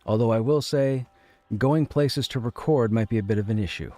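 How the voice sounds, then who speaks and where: A man's voice: medium pitch, normal speed, warm tone, dry recording. A man streaming a game from home, chatting casually and rambling, often repeating his phrases. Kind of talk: casual chat.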